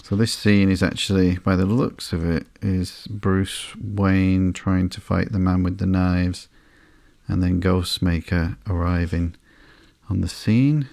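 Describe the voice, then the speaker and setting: A man hosting a sleepy podcast, reading through a comic slowly and flatly with frequent ums and uhs. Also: low-pitched, creaky, no room sound. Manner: slow, flat and unhurried, with frequent ums and uhs. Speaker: podcast host.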